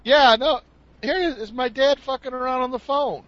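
A man's voice: extremely high pitch, moderate pace, a bit bright. A man chatting casually with a friend, telling a rambling funny story and acting out the sounds he heard. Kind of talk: casual comedic chat. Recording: dull lo-fi sound.

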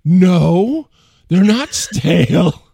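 Man putting on a shrill, cussing angry wife. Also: expressive, very slow, creaky, slightly rough, no room sound, exaggerated voice. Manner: yelling, profane.

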